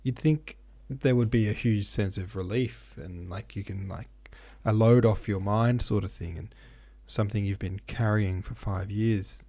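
A man hosts his own podcast in a loose, meandering chat, stopping and restarting his sentences often. His voice sits fairly low with a gravelly edge. The tone is husky and mellow. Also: measured pace, few pauses. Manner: rambling and hesitant, many fillers and restarts. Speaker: podcast host and novelist. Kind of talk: casual solo podcast chat.

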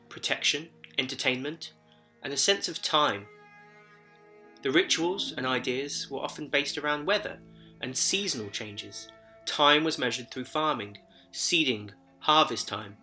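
A man hosting a podcast, reading a scripted narration in a measured, storytelling way while his voice sounds slightly deep and sick from a head cold. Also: bright, forceful tone. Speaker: podcast host.

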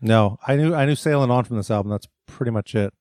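A man's voice: medium pitch, fast, darkish tone, no echo, clean studio sound. A man co-hosting a casual podcast chat, given to short reactions and easy laughs. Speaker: podcast co-host.

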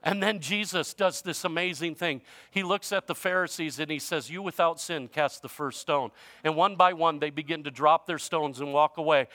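A little high in pitch, a male pastor gives a sermon in an informal, conversational way, going from loud emphasis to quiet. No room sound is audible.

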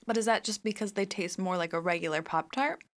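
A woman co-hosting a casual chat, answering in a relaxed, agreeable way. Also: fairly low pitch, fairly quick.

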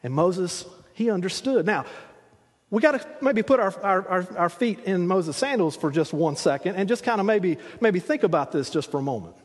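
Preacher, male, high husky voice, folksy storytelling sermon, long hall reverb. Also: lively intonation, normal speed. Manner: retells scripture as vivid, conversational storytelling with frequent restarts.

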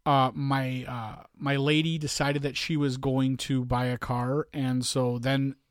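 A middle-aged man chatting casually as a podcast co-host, rambling and restarting, quick to laugh. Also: mid-range voice, level tone, dry recording, studio quality. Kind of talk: casual chat.

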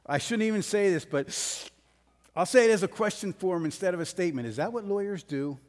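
A man preaching a sermon verse by verse, blunt and emphatic, pushing his voice up to forceful peaks. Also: high voice, expressive, brisk. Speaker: pastor. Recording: long hall reverb.

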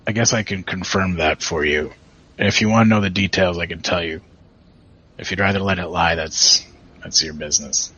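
A man voicing a tough, sincere female orc who speaks bluntly and haltingly. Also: sits low, sharp tone, husky, pitched below the performer's own voice, exaggerated voice. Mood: earnest. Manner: plain-spoken, halting, apologetic. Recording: dull lo-fi podcast audio.

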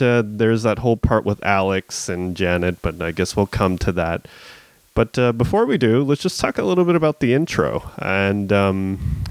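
A man's voice: medium pitch, no echo. A man co-hosting a podcast, chatting casually about a TV episode, laughing often and quoting others. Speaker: podcast co-host. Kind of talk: casual chat recapping a TV episode.

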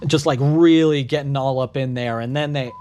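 A man in his thirties telling a crude comedic story in a deadpan voice, tossing in sarcastic asides. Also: medium pitch, moderate pace, background noise. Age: 30s. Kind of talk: comedic narrated monologue.

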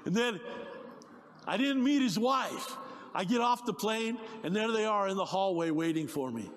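A middle-aged man preaches in a church sanctuary, his voice high and swinging wide as he gets excited. He tells stories with eager restarts, and his words ring out with a long reverb through the hall. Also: moderate pace, slight background noise. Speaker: pastor. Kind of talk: sermon with storytelling.

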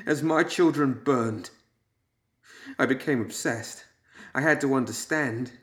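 A man's voice: medium pitch, unhurried, a bit bright, voice pushed up, lightly acted. A man voicing a broken, vengeful widow who shrieks and weeps in an audiobook. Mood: anguished. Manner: shrieking then weeping.

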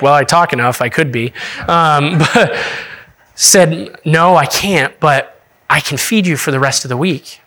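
A man's voice: a little high, pushed and bright. A young adult man, an associate pastor, preaching in a casual storytelling way, laughing often and restarting his sentences.

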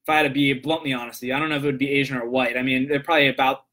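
Bright-voiced man rambling to viewers. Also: medium pitch, little pitch movement, rapid-fire. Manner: rambling, self-correcting, keeps asking "right?". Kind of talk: casual opinion monologue to viewers.

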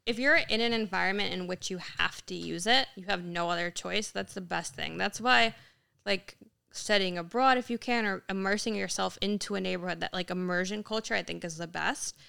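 A young woman chatting on a podcast, her voice crackling with heavy fry yet bright and clean. She tells her stories animatedly and slips into the voices of the people she quotes. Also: mid-range voice, moderate pace. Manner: animated storyteller, acts out quotes in Italian. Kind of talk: casual chat.

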